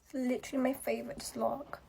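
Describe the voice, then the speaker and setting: A young woman narrates her makeup routine in a relaxed, chatty way, moving from step to step with lots of filler words. Her voice sits high and has a soft, mellow tone. It sounds like an everyday tutorial voiceover. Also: quick pace, slight background noise. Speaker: makeup content creator.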